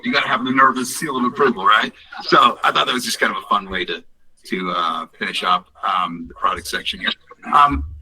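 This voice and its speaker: A man's voice: medium pitch, sharp tone, husky, far from the mic, rough recording. A man presenting his company's products on a call, in a rambling, upbeat way with many fillers and restarts. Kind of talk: casual business presentation on a call.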